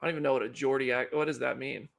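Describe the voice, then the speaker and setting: Gravelly-voiced man hosting a live stream. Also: medium pitch, steady tone, racing, fairly bright tone. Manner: rambling, chatty, self-deprecating. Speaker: livestream host. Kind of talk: casual live commentary.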